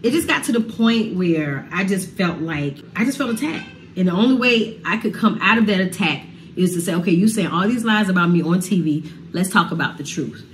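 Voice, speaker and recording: A singer gives her side of a family feud in an emotional sit-down talk, speaking briskly in a lowish, expressive voice over slight background noise. She is passionate, heartfelt and casual about the falling-out.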